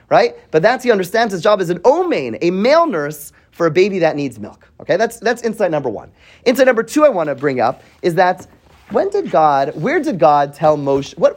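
Male Torah teacher, lively pitch, quizzes the class, restarts thoughts mid-sentence. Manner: asks the class questions, thinks aloud with restarts. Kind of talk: weekly Torah portion class.

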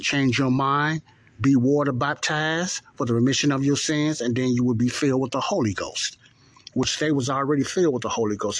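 A man giving informal Bible teaching in a plainspoken, conversational way, slowing down to repeat key phrases for emphasis. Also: mid-range voice, no room sound. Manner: plainspoken, conversational, checks in with "okay".

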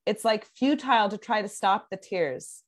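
Earnest woman explaining parenting calmly. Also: medium pitch, moderate pace. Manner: earnest, explanatory, with frequent fillers and restarts. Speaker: parenting coach. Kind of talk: casual podcast conversation.

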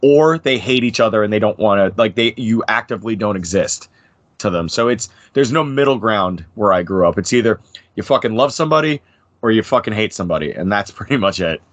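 A man's voice: fairly low pitch, fairly quick, no echo. A man in his thirties from New Jersey with an American accent, a podcast guest chatting casually, swearing a lot and rambling through his stories. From New Jersey, USA. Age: 30s. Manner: profane, rambling, lively impressions. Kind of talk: casual chat.

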